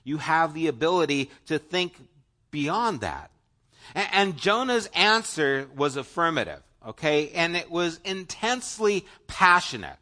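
Bright-voiced earnest male preacher. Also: sing-song, unhurried. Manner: earnest, conversational preaching with many restarts and asides to the congregation; swings between emphatic loud phrases and hushed low asides. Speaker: pastor. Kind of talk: sermon.

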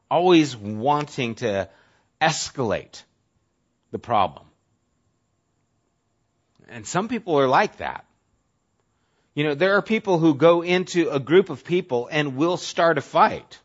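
A male pastor preaching a sermon in a casual, conversational way, sometimes dropping to a soft, low voice for emphasis. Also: expressive, slow, pauses often. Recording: dull lo-fi audio.

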